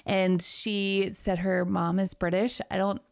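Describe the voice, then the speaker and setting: A woman's voice: mid-range voice, vocal fry, clear, resonant tone, no echo. A woman who works as a parenting coach, a guest speaking energetically and cheerfully in a casual interview. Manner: energetic, upbeat, quick and laughing.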